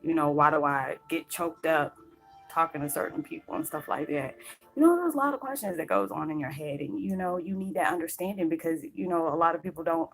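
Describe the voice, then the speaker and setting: A woman vlogger speaks earnestly to camera about her spiritual path, rambling with lots of fillers and sounding choked up, close to tears. Her voice is low, gravelly and a little fast. The recording is low quality, with faint music in the background.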